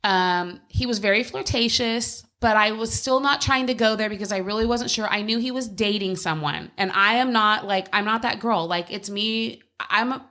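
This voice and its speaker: A woman's voice: mid-range voice, normal speed, hardly any pauses, sharp tone. A woman co-hosting a podcast from home, telling a personal story in a candid, blunt casual chat, with frequent swearing. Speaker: podcast co-host.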